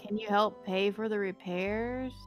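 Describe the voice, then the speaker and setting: A woman's voice: medium pitch, steady tone, measured pace, soft background music. A woman playing a tabletop game, asking questions in a casual way. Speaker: player.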